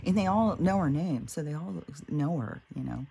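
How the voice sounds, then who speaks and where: A woman's voice: sits low, animated, normal speed, gravelly, mellow, breathy edge. A woman talking in a casual, rambling monologue, laughing often and swearing freely. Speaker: spiritual vlogger.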